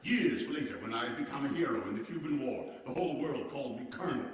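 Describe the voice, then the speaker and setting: In a one-man stage show, an actor portrays a boisterous, hearty American president from the past, addressing the seated hall audience directly in a theatrical, exclamatory, genial way. He talks fast in a natural, mid-range voice. The hall echoes, and the mic sits far from him.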